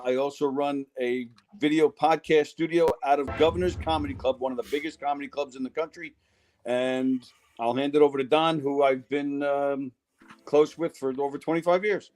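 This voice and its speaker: A man with a fairly high voice, speaking as a guest on a video call from his home basement. He jokes about himself and laughs between his lines. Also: darkish tone. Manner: joking, self-deprecating, laughs. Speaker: guest, comedy troupe leader. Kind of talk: casual video call chat.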